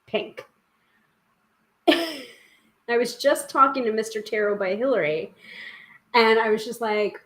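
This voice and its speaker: A chatty woman on a live tarot stream, giggling often and correcting herself as she talks. Her voice sits a little high. The room around her rings with echo. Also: slow, long pauses, a bit bright. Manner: chatty, giggly, lots of fillers and self-corrections. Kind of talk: casual live-stream chat and card reading. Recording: echoey room.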